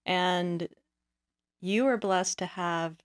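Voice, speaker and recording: A woman's voice: lowish voice, extremely slow, clear, resonant tone. A woman hosting a podcast interview, asking questions and giving encouraging affirmations. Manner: encouraging, with frequent short affirmations. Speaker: podcast host.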